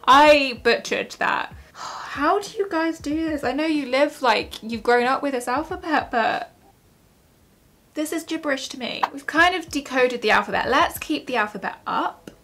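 A woman's voice: high-pitched, normal speed, a bit bright. A young woman vlogging from home in a chatty, rambling, self-mocking way. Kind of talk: casual vlog chat.

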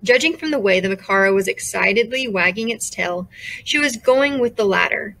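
A woman's voice: mid-range voice, lively intonation, moderate pace, vocal fry, fairly bright tone, poor audio. A woman narrating a children's novel as an audiobook, reading steadily and switching into character voices. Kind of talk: scripted narration.

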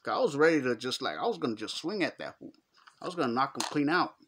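With slight background noise, a middle-aged man speaks fast in a mid-range, fairly bright voice full of big pitch swings. He tells a story in Los Angeles Chicano English, leaning on street slang and acting out the dialogue.

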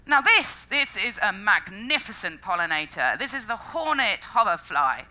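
A woman giving a lively, jokey public science talk, acting out funny quoted voices along the way. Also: mid-range voice, moderate pace, low-quality recording. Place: lecture stage before an audience.

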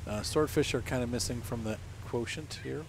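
A man's voice: mid-range voice, normal speed, vocal fry, noisy background. A man casually commenting on his own gameplay, thinking aloud and correcting himself as he plays. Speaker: let's play host.

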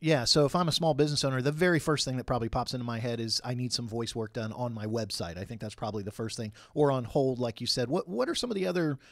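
A man's voice: medium pitch, lively intonation, quick pace, few pauses, no room sound, clean studio sound. A man co-hosting a radio interview, joking and conversational as he asks questions. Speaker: radio co-host. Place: radio studio. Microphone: studio microphone.

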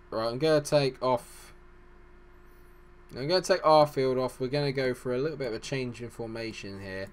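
A man's voice: mid-range voice, normal speed. Rambling man doing game commentary. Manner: rambling, self-deprecating chatter. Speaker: gaming channel host. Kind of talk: casual let's-play commentary.

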